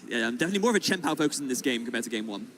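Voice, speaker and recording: A man giving color commentary on a live card game match, quick to react, with many fillers and laughs. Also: medium pitch, expressive, fairly bright tone, slight background noise.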